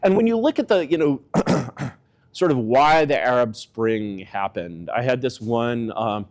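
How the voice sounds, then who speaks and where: A man delivers offhand political commentary at a slightly slow pace, rambling and full of fillers. He's expressive, with his pitch rising and falling for emphasis.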